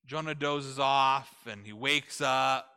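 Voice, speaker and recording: A man preaching a conversational sermon, retelling a story with animated delivery and asking his listeners rhetorical questions. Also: mid-range voice, takes it slowly, smooth.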